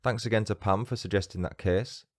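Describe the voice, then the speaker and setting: A man's voice: on the low side, brisk, dry recording, studio quality. A man with a northern English accent hosting a true-crime podcast, reading listener reviews with cheeky, self-mocking banter. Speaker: podcast host.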